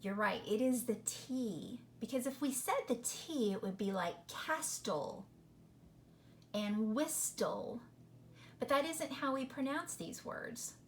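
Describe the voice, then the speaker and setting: Slow, patient woman teaching phonics. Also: medium pitch, fairly bright tone, a little hiss or hum. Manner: slow, patient, questioning, sounds out words. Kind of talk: phonics lesson for children.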